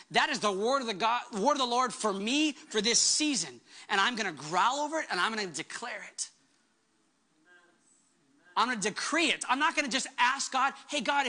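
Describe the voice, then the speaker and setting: A woman's voice: on the high side, bright, forceful tone. A woman pastor delivering a sermon with emphatic preaching, acting out the words she quotes.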